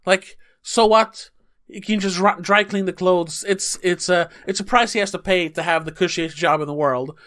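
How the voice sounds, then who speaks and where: Animated podcast co-host, man. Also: high voice, moderate pace. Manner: animated, swearing, acts out quotes. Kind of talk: casual film review chat.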